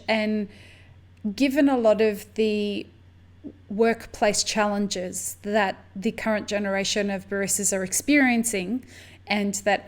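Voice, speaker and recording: American woman, podcast host, mid-pitched voice, lively and conversational. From United States. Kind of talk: casual conversation.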